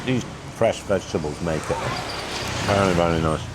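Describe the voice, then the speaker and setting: A man with a slightly croaky voice chatting casually in a travel vlog, trailing off mid-sentence as he talks. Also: low-pitched, normal speed. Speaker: travel vlogger. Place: outdoors on busy streets and in cafes. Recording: loud street traffic noise. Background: traffic and motorbikes.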